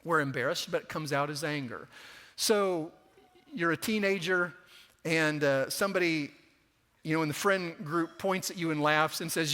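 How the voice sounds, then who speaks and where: A middle-aged male preacher with a bright, forward tone and a voice pitched a little high. He talks to the congregation conversationally and slips into the voices of the people he quotes. The sermon carries a long church reverb. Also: moderate pace. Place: church sanctuary.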